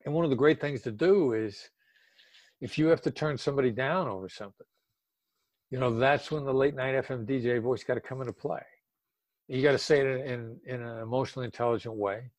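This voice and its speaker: A man's voice: medium pitch, a little fast, no room sound. Emphatic older man, dry close sound. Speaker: negotiation expert guest. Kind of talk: casual interview talk.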